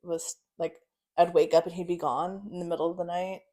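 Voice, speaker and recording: A woman's voice: on the low side, level tone, a little fast, dark tone. A young woman guest telling her life story in casual chat, swearing freely, acting out quotes and laughing often. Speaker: podcast guest.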